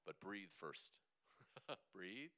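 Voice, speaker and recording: Guy vocal coach teaching a class, chatty, super bright crisp voice. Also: low voice, drawn-out words. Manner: lively and chatty, demonstrates sounds. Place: church hall.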